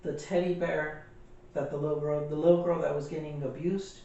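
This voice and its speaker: A man's voice: on the high side, level tone, a little fast, gravelly, dark tone, very echoey, recorded from a distance, dull audio. A man co-hosting a casual movie review, recapping the plot in a rambling way with many fillers and restarts. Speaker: podcast co-host.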